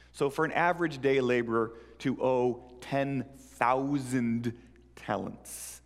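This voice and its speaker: Man preaching in an echoing hall. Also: medium pitch. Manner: animated storytelling, acts out characters. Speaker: pastor. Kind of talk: sermon. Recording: reverberant hall.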